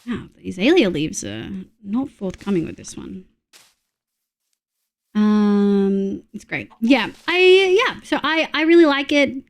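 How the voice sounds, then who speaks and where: A young Australian woman streams live, speaking slowly in a medium-pitched voice with lively intonation. She chats casually and bluntly with viewers as she plays, greeting them and humming while she builds.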